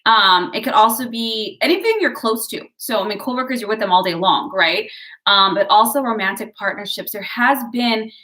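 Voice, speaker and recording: In a casual horoscope and tarot reading, a woman talks at normal speed with a medium-pitched, bright, forceful voice. She's encouraging and talkative, calls her audience "guys," and slips into side stories along the way.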